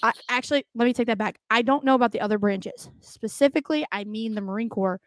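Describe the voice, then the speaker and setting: A woman's voice: fairly high pitch, fast talker, dry recording, studio quality. A young adult woman co-hosting a podcast in casual, blunt, profane chat, laughing often. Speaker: podcast co-host.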